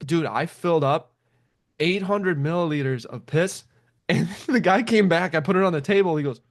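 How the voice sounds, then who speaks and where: A young man telling a story in casual chat, animated, swearing and laughing often as he acts out what people said. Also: on the high side, moderate pace.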